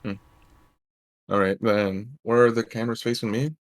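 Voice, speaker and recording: A man's voice: fairly low pitch, fairly even intonation, normal speed, no echo, studio quality. A man playing a tabletop role-playing game, talking in a hesitant way with lots of fillers and tag questions. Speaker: player. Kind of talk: tabletop role-play as a player.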